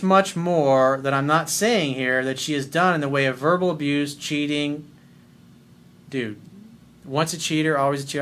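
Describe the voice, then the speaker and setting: A middle-aged man giving dating advice in a loose, unscripted monologue. His voice sits fairly high for a man, and he speaks bluntly with plenty of swearing and hard emphasis. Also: fairly bright tone. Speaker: dating coach.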